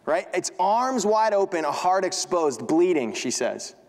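A man's voice: very animated, a little mellow. Young man preaching in a reverberant church. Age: young adult. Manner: conversational preaching, frequent "right?" asides; pitch drops low and slow for emphasis. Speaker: pastor. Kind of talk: sermon. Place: church sanctuary. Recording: long hall reverb.

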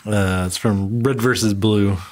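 A man's voice: lowish voice, steady tone, measured pace, a little hiss or hum. Rambling man telling a story. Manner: rambling, many restarts and fillers. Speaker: podcast co-host. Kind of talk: casual storytelling chat.

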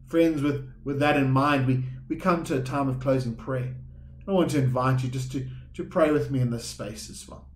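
A man's voice: medium pitch, moderate pace, roomy sound, slight background noise. A man preaching a sermon as pastor, earnest and repetitive, often addressing listeners as friends. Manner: earnest, repeats words, calls listeners friends.

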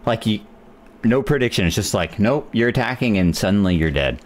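A man's voice: on the low side, lively intonation, fairly quick, slight background noise. A man streaming a hard boss fight, muttering, swearing and venting frustration as he plays. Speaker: gaming streamer. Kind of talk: live gameplay commentary.

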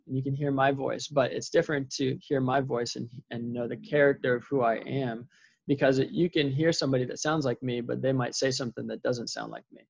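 Earnest man with gravelly voice. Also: medium pitch, no room sound, dull audio. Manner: earnest, rambling, with many restarts and fillers. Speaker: vlogger sharing faith reflections. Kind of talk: casual spoken reflection.

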